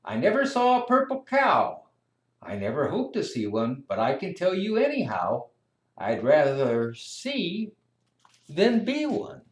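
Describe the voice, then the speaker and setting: Gentle farmer dad talking slow and kind as a storybook reader puts him on, echoey room. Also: medium pitch, huge pitch swings. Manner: gentle, reassuring. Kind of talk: storybook read-aloud.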